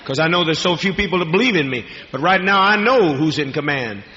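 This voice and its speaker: Profane, commanding male preacher barking orders, bright edge, faint hiss. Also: fairly high pitch, lively intonation, brisk. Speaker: preacher and faith healer. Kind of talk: fiery healing-service sermon. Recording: dull lo-fi archive recording in a reverberant hall.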